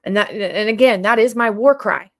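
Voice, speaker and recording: A woman's voice: mid-range voice, moderate pace, a bit bright. Fervent woman preaching on a livestream. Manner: fervent, preachy, asks pointed questions. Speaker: livestream host and community food organizer. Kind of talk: impassioned livestream monologue.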